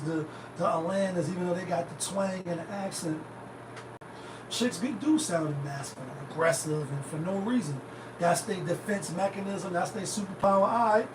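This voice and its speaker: A man hosting a show, talking in a loose, profane, rambling way. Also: high-pitched. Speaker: host. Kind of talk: casual commentary. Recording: roomy, distant, noisy.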